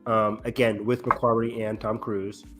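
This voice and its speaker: A man's voice: fairly low pitch, little pitch movement, a bit bright, faint music behind. A man co-hosting a podcast, chatting casually about film news with lots of ums and restarts. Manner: rambling, halting with many ums. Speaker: podcast co-host. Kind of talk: casual chat.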